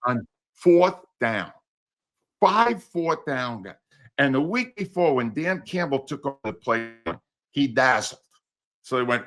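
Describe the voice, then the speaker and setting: An older man, a sports commentator, ranting sarcastically about coaching in a loud, exasperated way. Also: on the high side, expressive, a little slow. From United States. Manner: sarcastic, exasperated, wildly swinging emphasis. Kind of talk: animated radio-style rant.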